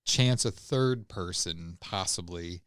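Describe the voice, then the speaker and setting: A man co-hosting a podcast in casual chat, halting and hesitant as he talks. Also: low voice, a bit bright, no echo, studio quality. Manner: hesitant, many fillers and restarts, halting. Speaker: podcast co-host.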